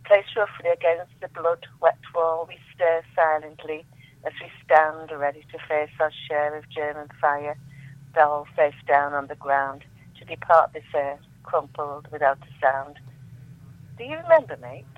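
A woman on the phone reading her poems aloud with measured, emphatic delivery. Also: sits low, no room sound. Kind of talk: poetry reading over the phone. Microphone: telephone. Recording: tinny dry phone line.

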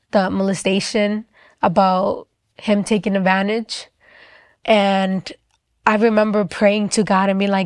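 A woman's voice: mid-range voice, no echo. Young woman telling a personal story. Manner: casual, many "like" fillers, emotional retelling. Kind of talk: personal testimony.

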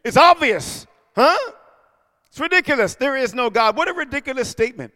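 A male preacher giving an emphatic sermon, calling out for amens and swinging between shouting and hushed asides. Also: very high-pitched, sing-song, a little fast, in a large hall.

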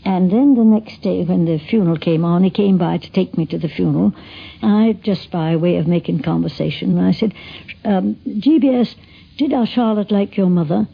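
A woman's voice: on the low side, normal speed, vocal fry, slightly rough. An older woman reminiscing in an interview, telling a story chattily with quoted dialogue, in a dull lo-fi archive recording.

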